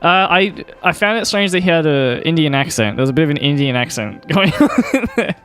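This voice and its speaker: A man's voice: a little high, expressive, fairly quick, fairly bright tone, soft background music. A man co-hosting an improvised comedy podcast, rambling and hesitant, with wry humor and frequent laughs. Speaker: podcast co-host.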